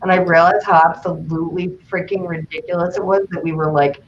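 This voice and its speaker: A young woman in casual chat who is animated and acts out the lines she quotes. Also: fairly low pitch, brisk. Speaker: co-host. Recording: dull distant mic with faint noise.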